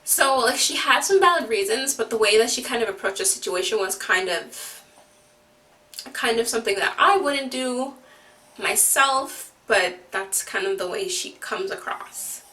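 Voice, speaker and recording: A woman's voice: a little high, lively intonation, a little slow, sharp tone, distant mic. A woman vlogger recapping a reality show in a chatty, opinionated way, full of "like" fillers. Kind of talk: casual TV recap chat.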